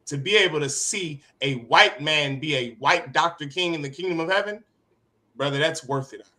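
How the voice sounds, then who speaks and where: A man teaching a religious class in a fiery preaching style, forceful and rhetorical, repeating phrases for emphasis. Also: a little high. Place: classroom with others present.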